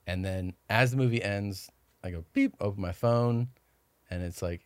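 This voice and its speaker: In a dry recording, a man with a lowish voice and moderate pace chats as a podcast guest. He rambles through a long tale, cursing along the way and voicing the quotes himself.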